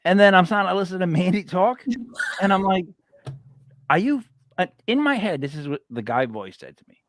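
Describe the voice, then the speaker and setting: A man's voice: high-pitched, animated, fast talker, dry recording. A man hosting a podcast in rambling, joking casual chat, stuffy and short of breath. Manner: rambling, joking, self-mocking. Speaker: podcast host.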